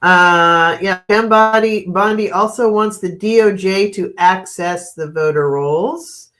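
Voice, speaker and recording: Slow-talking chatty woman streamer. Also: mid-range voice, fairly bright tone. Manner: chatty, laughs often, reads out viewer comments; frank and opinionated on current events. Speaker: live-stream host. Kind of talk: casual live-stream chat.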